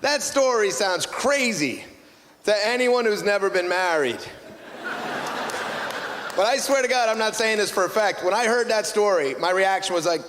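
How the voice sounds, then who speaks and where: A man's voice: sits high, lively intonation, normal speed. A man performing a stand-up comedy routine on stage, telling stories with wry exasperation. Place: stage in a club or hall. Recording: reverberant hall, noisy ambience.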